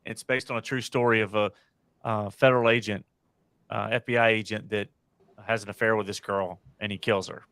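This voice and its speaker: A man's voice: fairly low pitch, steady tone, fairly quick, a bit bright, no room sound. An American man hosting a casual panel podcast, rambling and correcting himself as he gives strong opinions. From United States. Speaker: podcast host.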